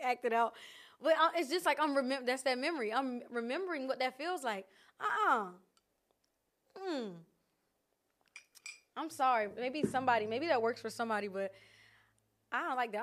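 A woman vlogger talking candidly and casually about her feelings, animated and laughing often. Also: high-pitched. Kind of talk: casual reflective chat. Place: outdoors in nature.

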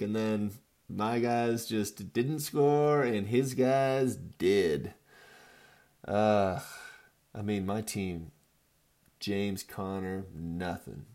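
A man's voice: on the low side, slow pace, mellow. Rambling profane man in his thirties. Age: 30s. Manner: rambling, profane, jokey trash talk. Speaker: fantasy football league commissioner recapping the week. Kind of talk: casual profane recap video.

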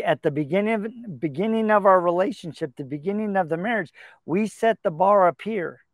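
Man, middle-aged, relationship advice host, higher-pitched voice, dry recording, earnest storyteller. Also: no echo. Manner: earnest storytelling, acts out quoted dialogue. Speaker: podcast host.

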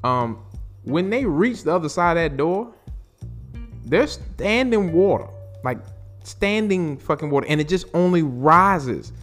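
A man's voice: fairly high pitch, lively intonation, a little slow, fairly bright tone, soft background music. A man hosting a podcast, casually recapping a TV episode with lots of profanity, fillers and restarts. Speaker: podcast host. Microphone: podcast mic.

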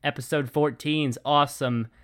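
A man's voice: on the high side, steady tone, moderate pace, fairly bright tone, smooth. A man co-hosting a podcast in a laid-back, rambling way, often laughing. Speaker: podcast co-host. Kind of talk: casual podcast chat.

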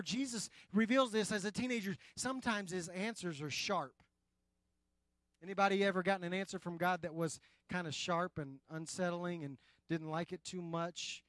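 Here a man preaches in a high voice, speaking right to the congregation. His delivery moves from loud stresses to quiet, unhurried lines, with no room sound in the audio.

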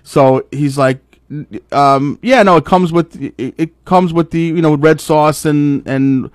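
Brief: middle-aged man, podcast host, swears freely, animated storyteller, dead-dry mic sound. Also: on the high side, slow pace, dry recording. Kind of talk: casual chat.

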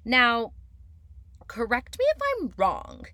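A woman hosting a casual podcast, recapping reality TV in a chatty, animated way with many fillers and sudden high swings for emphasis. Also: takes it slowly, no room sound, clean studio sound. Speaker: podcast host.

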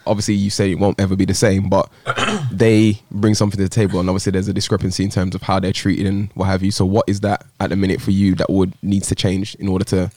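A man's voice: sits low, warm tone, no echo. A man hosting a casual podcast, asking loose, slangy questions. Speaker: podcast host.

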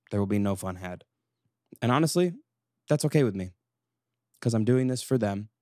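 A young man in his twenties hosting a solo podcast, chatty and self-mocking, running off on animated tangents into a studio microphone. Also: fairly low pitch, dry recording. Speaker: podcast co-host.

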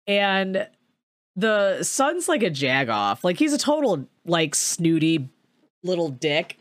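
A young woman tells a movie plot in loose, profane chat, lots of "like" between phrases. Her voice sits a little low and she takes her time. The sound is close and dry, with no room around it. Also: slow pace, dry recording. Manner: profane, filler-heavy storytelling with animated quoted voices. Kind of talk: casual movie recap chat.

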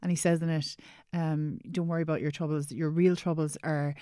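A woman hosting a podcast, speaking gently and with empathy, reflecting on her guest's story. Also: sits low, little pitch movement, a little fast, dry recording, clean studio sound. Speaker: podcast host. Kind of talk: interview conversation.

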